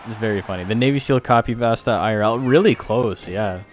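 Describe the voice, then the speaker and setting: A man's voice: fairly low pitch, a little fast, faint music behind. A man hosting a game tournament stream, talking casually in a rambling, crude way with lots of fillers. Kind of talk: casual livestream commentary.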